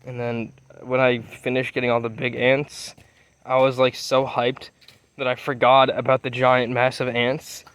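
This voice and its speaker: A young man rambles through a long story, swearing freely and trailing off when he loses his thread. His voice sits at an everyday middle pitch and sounds dry and close, with almost no room around it. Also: completely flat delivery, unhurried, a bit bright, clean tone, no echo. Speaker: vlogger.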